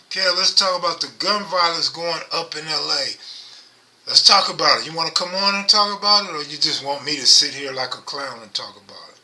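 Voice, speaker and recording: A middle-aged man hosting a casual livestream, talking low and rambling close to his microphone. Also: brisk, pushed and bright. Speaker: livestream host. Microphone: microphone held close.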